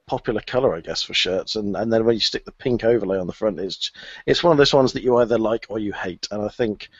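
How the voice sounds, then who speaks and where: A man's voice: lowish voice, quick pace, husky, no echo. A man co-hosting a casual podcast, chatty, with frequent fillers and easy laughter. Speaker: podcast co-host. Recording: dull lo-fi podcast audio.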